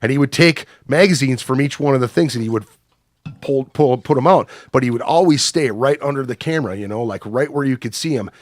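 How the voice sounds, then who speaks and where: A man's voice: medium pitch, a little fast. A man with an Upper Midwest American accent telling crude stories on a podcast in a rambling, profane way, with plenty of fillers. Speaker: podcast guest. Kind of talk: casual storytelling.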